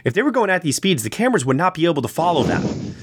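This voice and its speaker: A man hosts a casual film review podcast, talking conversationally and growing animated when he explains things, with plenty of fillers. His voice is a little high and he talks fast. There's slight background noise.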